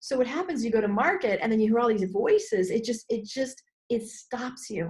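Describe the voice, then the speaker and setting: A middle-aged woman, a business coach being interviewed, talking expressively and acting out inner voices with sudden high exclamations. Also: animated, normal speed, a little mellow. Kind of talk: animated interview talk.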